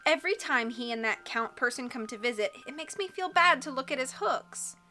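Woman reading as a gentle contortionist woman in a storybook, sympathetic and bright. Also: sits high, expressive, brisk, soft background music.

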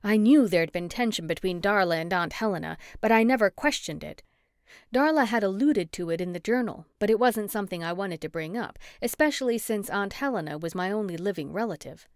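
Woman audiobook narrator, first person, steady storytelling, dry booth sound. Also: medium pitch, fairly quick, dry recording.

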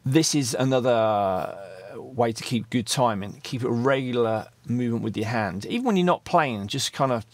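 A man's voice: mid-range voice, normal speed, hardly any pauses, no room sound. A man teaching a guitar rhythm lesson, patiently counting beats aloud and encouraging the player as he strums. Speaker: music teacher. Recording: loud backing music under voice. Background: guitar and drum track playing.

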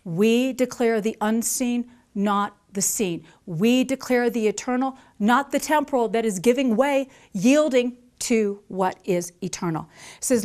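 A woman preaching a sermon, emphatic and repetitive, who slows down to stress scripture lines. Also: on the high side. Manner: emphatic, repeats key phrases, acts out quoted voices. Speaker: mother. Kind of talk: conference sermon.

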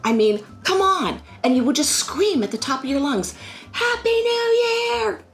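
A middle-aged woman from Pennsylvania chatting casually about family holiday memories in a rambling, animated way. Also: high voice, normal speed. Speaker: financial firm staff. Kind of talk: casual personal storytelling.

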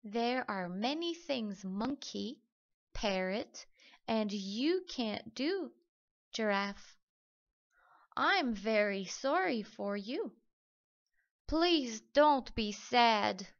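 A woman voicing a small, sad young frog in a children's story, speaking gently and plaintively. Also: a little high, expressive, very slow, pauses often, highs cut off, full character voice.

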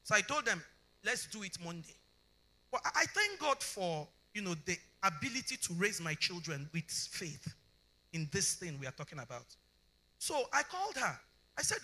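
A bright, forceful, middle-aged Nigerian woman tells a testimony to a conference crowd. Her pitch swings widely as she acts out every voice in her story, and she keeps checking that her listeners are following. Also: normal speed. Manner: animated storytelling, often asks the congregation if they understand; acts out both sides of dialogues. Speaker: conference speaker. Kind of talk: testimony sermon.

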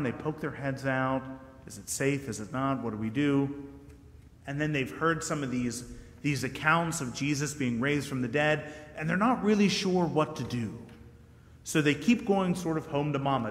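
A man's voice: a little high, a bit bright. A man giving a sermon as guest preacher, in a conversational, joking way and putting questions to the congregation. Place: church sanctuary. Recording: echoey church hall.

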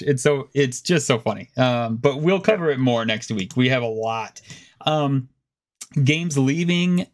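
A man co-hosting a casual gaming podcast, talking in an animated, rambling way that keeps starting over. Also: a little slow. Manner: animated, rambling, self-interrupting, pitch jumps up when excited. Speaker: podcast co-host. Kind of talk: casual chat.

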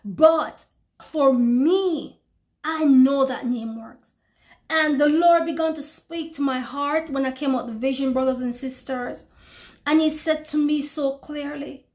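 A woman's voice: high-pitched, unhurried, darkish tone. A woman preacher giving a fervent testimony sermon, repeating phrases and calling out to her listeners. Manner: fervent, repeats phrases, addresses brothers and sisters.

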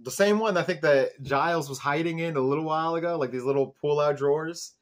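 A man's voice: fairly high pitch, a little fast. A man hosting a fan show, casually recapping a TV episode in a chatty way, full of "like" and "um". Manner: chatty, peppered with "like" and "um", animated retelling. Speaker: show host reviewing an episode.

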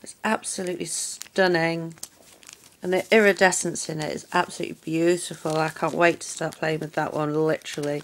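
A woman chats casually through a nail art unboxing, gushing over every item. Her voice sits a little low and she keeps her tone effusive throughout. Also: a little hiss or hum.

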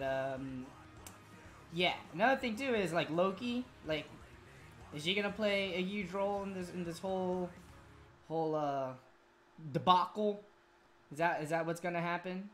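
A woman casually commentating a game playthrough, rambling and swearing with many fillers. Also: fairly low pitch. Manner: rambling, profane, full of fillers. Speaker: gaming streamer.

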